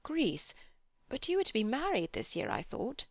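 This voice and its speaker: A woman reading as a soft-spoken old man in a classic novel audiobook, slow and earnest with a gravelly rasp under the words, heard up close in a dry booth with no room sound. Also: on the high side, wildly swooping pitch, dry recording, voice pushed up, heavily acted. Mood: gentle. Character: kindly old widowed man, gentle and grave.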